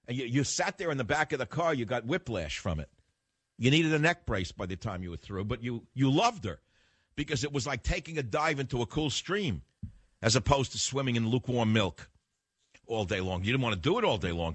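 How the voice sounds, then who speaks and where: A man's voice: medium pitch, fairly bright tone, slightly rough, dry recording. An older man hosting a talk radio show, delivering a combative, lecturing monologue straight at the listener.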